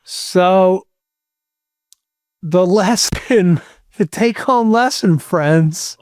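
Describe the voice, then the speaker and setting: A man's voice: sits high, extremely slow, pauses often, no echo, studio quality. A middle-aged man casually telling a long personal story, rambling and swearing with lots of "like". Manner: rambling, swearing, many likes. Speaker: podcast host.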